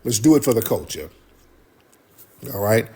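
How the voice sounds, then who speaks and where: A man hosts a livestream with blunt, profane, heated commentary. His voice is husky and a little rough. His pitch swings widely as he rants at his viewers. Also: sing-song, normal speed, warm tone. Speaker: livestream host.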